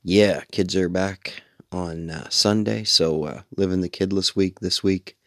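A sleepy middle-aged man rambles through a late-night radio monologue in a very low, gravelly voice. He sounds worn out and meanders from thought to thought, swearing casually. The sound is dry and close, with no room around it. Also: steady tone, unhurried, no echo. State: sleepy, yawning. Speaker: radio show host.

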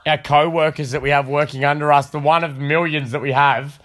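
Jokey Australian host, slightly high. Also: male voice, level tone, fairly bright tone. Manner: jokey, quick to laugh. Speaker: podcast host. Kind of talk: casual banter.

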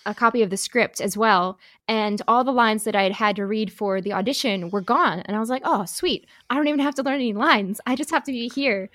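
A woman's voice: fairly high pitch, quick pace, few pauses, fairly bright tone, no echo, clean studio sound. A young woman with a Midwestern accent chatting casually, rambling and self-deprecating with many restarts. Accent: Midwestern American. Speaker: actor and pianist. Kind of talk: casual chat.

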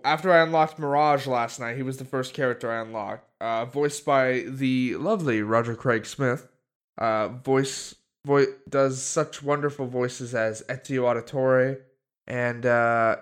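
A man's voice: mid-range voice, a bit bright, clear, resonant tone. A man co-hosting a podcast in casual chat, rambling with many fillers and restarts. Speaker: podcast co-host.

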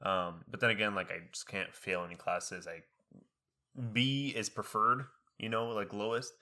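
A young man and college student chatting casually, rambling with many fillers and slipping into high impressions of other people. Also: fairly even intonation, bright, forceful tone. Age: young adult. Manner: quick, many fillers and restarts. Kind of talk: casual chat.

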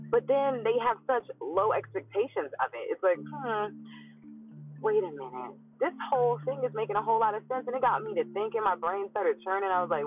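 A woman's voice: lowish voice, animated, normal speed, soft background music. Musing woman podcaster, tinny phone-like sound. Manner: musing, acts out her own thoughts in quotes, many hums. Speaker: podcast host. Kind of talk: casual solo monologue.

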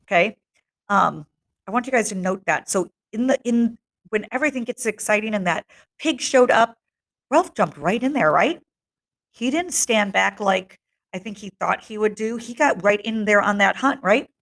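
A woman's voice: medium pitch, lively intonation, moderate pace, fairly bright tone. A young woman teacher reading a novel aloud to her class, breaking off to explain in a casual tone and checking in with her listeners.

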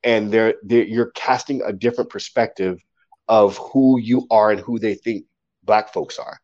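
Animated man telling a story, lo-fi. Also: lowish voice, normal speed. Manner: animated, acts out quotes, swears casually. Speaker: interview guest, poet. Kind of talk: casual storytelling in an interview.

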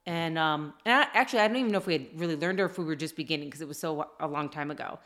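A woman's voice: low voice, very fast, fairly bright tone. A middle-aged woman in casual podcast chat, telling heartfelt family stories in an earnest way. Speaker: podcast co-host.

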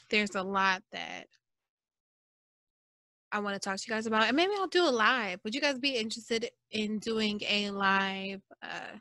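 Bright-voiced woman hosting a chatty podcast. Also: mid-range voice, no echo. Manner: chatty and expressive, mock-preaching asides. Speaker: podcast host. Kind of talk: casual solo podcast monologue.

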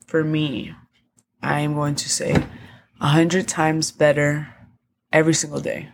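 Encouraging woman podcast co-host, lowish voice. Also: little pitch movement, unhurried, creaky, a little hiss or hum. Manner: earnest, encouraging, agrees often. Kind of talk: casual chat.

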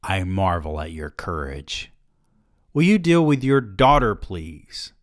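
A man's voice: sing-song, takes it slowly, no echo, clean studio sound, exaggerated voice. A man voicing a scathing, exasperated wife who scolds her husband, in a comic novel reading. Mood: scornful. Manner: sarcastic, shrill, scolding. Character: exasperated wife, scornful and sharp.

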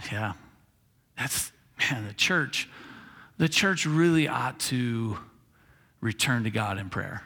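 A man's voice: medium pitch, takes it slowly, creaky, long pauses, bright, forceful tone, breathy edge. A male pastor telling a story in a sermon, casual and chuckling, acting out the lines of the people in his story. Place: church sanctuary. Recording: reverberant church hall.

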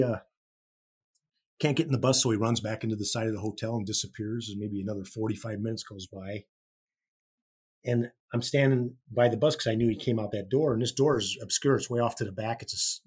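A man from Chicago, a rock musician guest, telling an animated story full of casual swearing and restarts. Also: on the low side, slightly rough. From Chicago, USA. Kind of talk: anecdotal storytelling.

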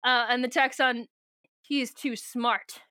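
Bright, high-voiced woman chatting casually. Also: a little slow, no echo. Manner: rambling, swears freely, laughs often. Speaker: podcast co-host recapping a book. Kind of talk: casual chat.

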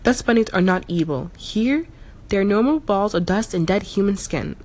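A woman voicing a huge, aloof male cat-like spirit messenger who speaks in calm, cryptic pronouncements, for an audiobook story. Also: mid-range voice, moderate pace, lightly acted.

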